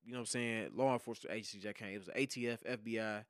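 A man, a podcast guest and hip hop producer, telling a story in casual, profane slang and acting out loud shouted quotes. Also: lowish voice, steady tone, rapid-fire, no room sound, studio quality. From Detroit.

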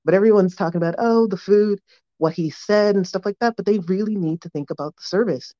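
A woman's voice: fairly low pitch, quick pace, warm tone. A woman calling in from Toronto, earnestly explaining her view. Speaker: caller. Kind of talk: phoned-in opinion. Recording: dull lo-fi phone line.

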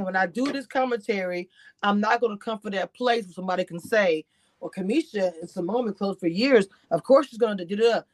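A woman giving chatty, animated reality-TV commentary on a livestream, talking straight to her chat. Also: lowish voice, dry recording. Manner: grows exasperated and incredulous. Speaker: YouTube commentator.

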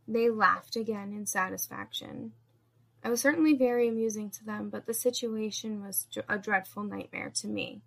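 A woman narrating a first-person story in a steady, measured reading. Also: medium pitch, vocal fry.

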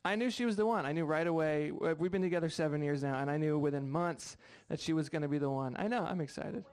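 A man's voice: fairly high pitch, quick pace, darkish tone, clear, resonant tone. A young American man doing a stand-up comedy set, chatty and self-deprecating, bantering with the crowd. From United States. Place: live comedy show with audience.

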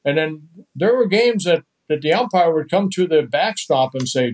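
Older male guest from the Netherlands; relaxed, chatty anecdotes with easy chuckles. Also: on the high side, normal speed, hardly any pauses, poor audio. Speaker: guest, retired pitcher. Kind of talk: storytelling in a podcast interview.

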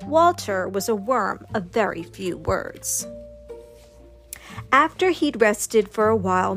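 A woman reading a children's storybook aloud in a slow, gentle, expressive way. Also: fairly high pitch. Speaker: storybook narrator.

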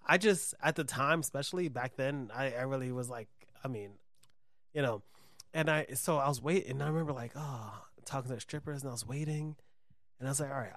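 A man chatting casually, telling an animated story with lots of swearing and laughing. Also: mid-range voice, no room sound. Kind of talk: casual podcast chat.

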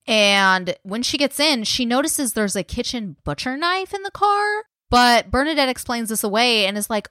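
A woman's voice: medium pitch, animated, moderate pace, pushed and bright, no room sound, clean studio sound. A woman co-hosting a podcast, casually retelling a true-crime case in a chatty, filler-heavy way and swearing freely. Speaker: podcast co-host.

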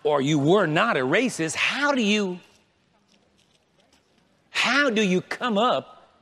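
Slow-paced yet animated, with a high, bright, forceful voice, a man preaches as pastor and draws his congregation into call-and-response. When he makes a point, he gets repetitive and stammers over repeated words. The sound carries the long reverb of a large church hall.

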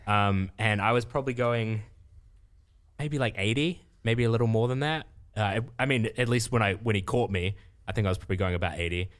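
A man's voice: on the low side, brisk. A man with a New Zealand accent telling a story in casual chat, hedging and hesitant with fillers.

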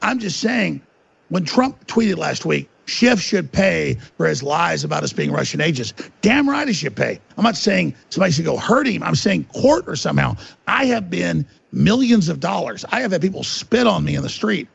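A gravelly, husky man rants with mounting anger, his pitch jumping all over. He talks emphatically as a podcast guest, and the sound is a little dull and lo-fi. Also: very animated, moderate pace. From United States. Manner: angry, ranting, emphatic. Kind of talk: heated podcast interview.

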